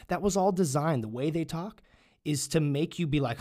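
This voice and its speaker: A man's voice: fairly high pitch, normal speed. A man hosting a podcast, chatting casually and ranting with plenty of swearing. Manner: profane, animated ranting. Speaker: podcast host.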